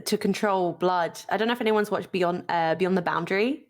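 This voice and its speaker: A woman co-hosting a podcast, chatting casually and reacting excitably. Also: lowish voice, a little fast. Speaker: podcast co-host.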